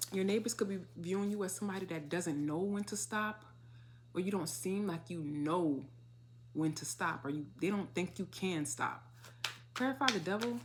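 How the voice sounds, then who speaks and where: A woman talks through a casual tarot reading in a somewhat low voice. She is animated and slangy, swears freely and breaks into dramatic asides. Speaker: tarot reader.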